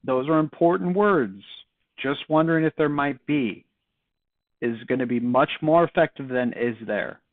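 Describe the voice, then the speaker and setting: A man's voice: mid-range voice, measured pace, dry recording. Male sales trainer, casual and conversational, acts out call lines; tinny narrow-band audio, dry.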